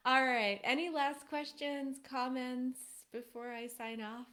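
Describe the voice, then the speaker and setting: A woman giving relationship advice to a live audience in a casual, animated way, laughing often and acting out little quoted voices. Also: high-pitched, measured pace. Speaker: relationship coach hosting a live stream.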